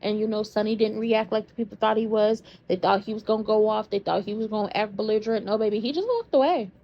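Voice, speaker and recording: A woman's voice: medium pitch, fast. A woman hosting a soap opera recap in casual commentary, sassy and slangy as she tells stories. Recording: dull lo-fi sound.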